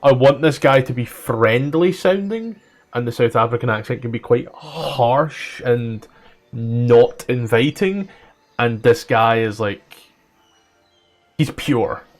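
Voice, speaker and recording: Slow-talking Scottish man running a tabletop game. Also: medium pitch, expressive, soft background music. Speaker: dungeon master.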